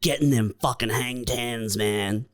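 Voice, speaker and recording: A man's voice: medium pitch, measured pace. A man co-hosting a podcast, chatting in a laid-back way and thinking aloud with fillers. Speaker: podcast co-host. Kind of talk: casual chat.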